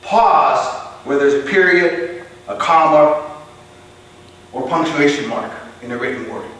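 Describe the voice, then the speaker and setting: A man giving a motivational contest speech to a club, emphatic, with deliberate pauses and punched key words. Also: a little high, fairly bright tone. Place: club meeting room. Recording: echoey room from far off, faint hiss.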